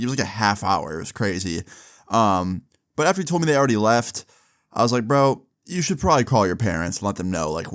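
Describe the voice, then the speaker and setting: A young man casually telling a long personal story, slangy and animated, acting out both sides of phone calls. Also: fairly low pitch.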